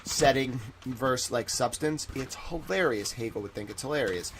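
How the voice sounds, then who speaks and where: A man's voice: mid-range voice, normal speed, a little hiss or hum. A man hosting a live stream, rambling in a profane, jokey, casual rant.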